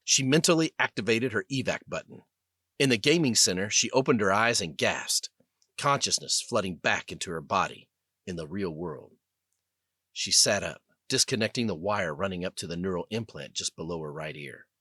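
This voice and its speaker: Lively male audiobook narrator. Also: deep voice, normal speed, breathy edge, no echo, clean studio sound. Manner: expressive, lively reading. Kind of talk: scripted narration.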